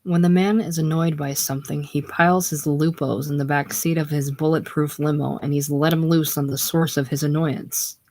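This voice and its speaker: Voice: mid-range voice, fairly even intonation, normal speed, hardly any pauses, a little mellow, no room sound, lightly acted. A reader voicing a blunt, streetwise young male hustler with coarse, slangy talk in a casual play reading. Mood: grim.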